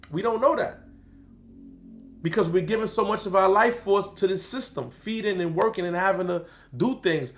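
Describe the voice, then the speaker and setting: Man, high voice, gravelly fry, street slang, animated storytelling, middle-aged. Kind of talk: casual storytelling talk.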